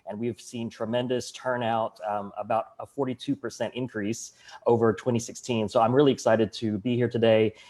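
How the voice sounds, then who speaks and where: A man's voice: medium pitch, level tone, normal speed, darkish tone. A man with a Southern US accent, speaking earnestly as a panelist on a video call and working through statistics with small restarts. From Arkansas, US. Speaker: panelist, county election official. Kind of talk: online panel discussion.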